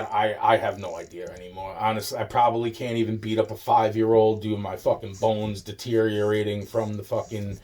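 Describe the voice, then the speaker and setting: A man's voice: fairly low pitch, darkish tone. A man delivering a rambling, agitated monologue, swearing constantly and repeating himself. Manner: profane, agitated, repetitive ranting.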